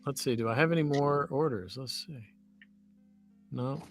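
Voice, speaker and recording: A man's voice: mid-range voice, moderate pace, soft background music. A man with a Southern US accent from Louisiana, chatting casually as a voice actor on a livestream and rambling into stories.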